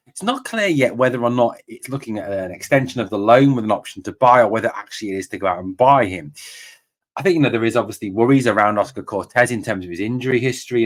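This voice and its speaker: A man hosting a football fan channel, delivering angry, emphatic solo commentary with lots of repetition. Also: on the low side. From Scotland.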